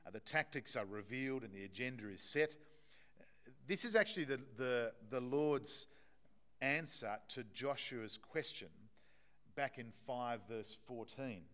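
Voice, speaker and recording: A man delivers a sermon in a relaxed, conversational manner, on emphasis and repeating himself as he works through the text. His voice sits in an ordinary middle register, and his delivery is full of small restarts and fillers. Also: medium pitch, measured pace. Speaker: preacher.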